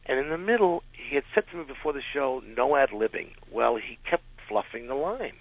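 A man telling an anecdote as a radio interview guest, animated and acting out the people in his story. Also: mid-range voice, brisk, no echo. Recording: dull lo-fi radio recording.

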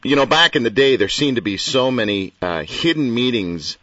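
A man hosting a radio interview, putting brisk, leading questions to his guest. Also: mid-range voice, animated, a bit bright, no room sound, far from the mic, highs cut off. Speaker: radio host.

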